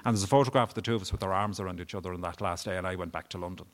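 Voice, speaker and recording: Racing along in a low voice, a man appearing as a guest at a live event pours out a personal story, open and emotional, with plenty of swearing, in front of an audience.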